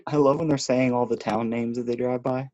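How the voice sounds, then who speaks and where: A man co-hosting a podcast in casual chat, measured and often murmuring agreement. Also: medium pitch, steady tone, dark tone, muffled recording. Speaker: podcast co-host. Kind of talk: casual chat about films.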